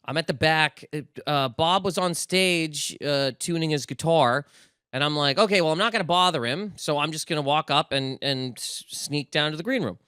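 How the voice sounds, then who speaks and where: Animated storytelling man, smooth voice. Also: fairly high pitch, normal speed, no echo, studio quality. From Canada, Nova Scotia. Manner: animated storyteller, acts out quotes, swears. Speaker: guest comedian. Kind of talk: casual podcast storytelling.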